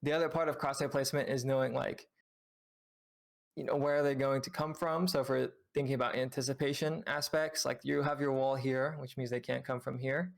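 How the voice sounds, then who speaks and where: Gravelly male game coach explaining. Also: medium pitch, little pitch movement, brisk. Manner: patient, explanatory, many fillers. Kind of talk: reviewing gameplay with a student on stream.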